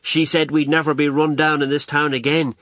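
Bright-voiced man narrating a novel. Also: fairly high pitch, brisk, dry recording. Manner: wry, lively storytelling with colloquial turns. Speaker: audiobook narrator. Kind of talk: first-person novel narration.

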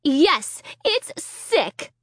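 A woman's voice: high voice, sing-song, very slow, a bit bright, dry recording, studio quality, pitched above the performer's own voice, full character voice. A woman voicing an indignant, self-satisfied girl who is accusing her sibling in a whiny tone.

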